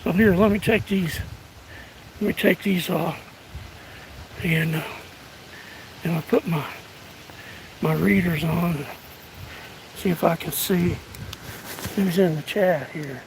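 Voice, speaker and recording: Old country guy, huffing and puffing, high gravelly voice, rambly and folksy, outdoors with faint nature noise. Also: slow pace, pauses often. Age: 60s. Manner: rambling, folksy, self-deprecating. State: out of breath. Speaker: vlogger. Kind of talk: casual outdoor livestream chat. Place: outdoors in rural woods. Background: outdoor ambience and a passing train.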